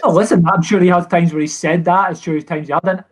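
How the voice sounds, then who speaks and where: A man's voice: high voice, fairly even intonation, quick pace. A man with a Scottish accent, a former footballer as podcast guest, telling stories earnestly with many restarts. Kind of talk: casual podcast chat.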